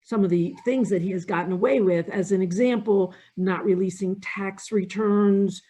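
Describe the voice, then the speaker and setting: A woman from the audience putting a long question to a guest over a video call in a measured way. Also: medium pitch, dark tone, slightly rough. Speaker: audience member asking a question. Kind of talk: posing a question.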